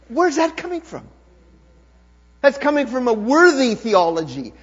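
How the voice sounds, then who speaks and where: A man preaching a sermon, reading scripture quietly and then building to loud, shouted exclamations. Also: extremely high pitch, very animated, a little slow, long pauses, slightly rough. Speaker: pastor. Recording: lo-fi recording with mains hum.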